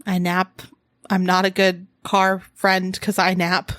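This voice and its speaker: A woman's voice: fairly low pitch, completely flat delivery, takes it slowly, a bit bright, no room sound, clean studio sound. A young woman co-hosting a podcast, chatting casually and giggling often. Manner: giggly, playful. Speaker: podcast co-host. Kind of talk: casual chat.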